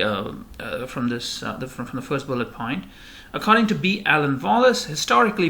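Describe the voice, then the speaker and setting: A man's voice: on the high side, sharp tone. A man giving a recorded slide lecture, rambling with many fillers and restarts.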